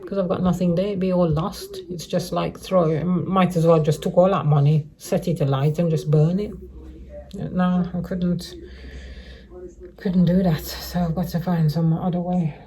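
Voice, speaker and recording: A woman's voice: lowish voice, steady tone, normal speed, mellow. A middle-aged woman vlogging a casual update to her viewers, rambling and repeating herself, with many restarts. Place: living rough on the streets.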